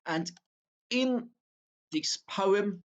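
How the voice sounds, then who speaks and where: A man teaching a literature exam walkthrough, talking slowly and haltingly, with fillers and self-corrections as he works through a poem. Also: sits high, lively intonation, highs cut off.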